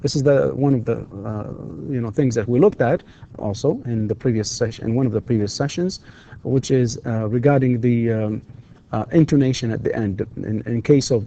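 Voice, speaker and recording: A man's voice: mid-range voice, dark tone, dull audio. A man teaching an English grammar lesson, mixing in explanations and acting out questions with strongly rising intonation, full of fillers. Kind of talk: recorded distance-learning grammar lecture.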